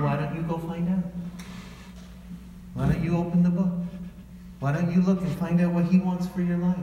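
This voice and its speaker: Man, pastor, preaching, high voice, animated, very echoey church hall, distant mic. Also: a little hiss or hum. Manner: animated, acts out quoted voices. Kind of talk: sermon.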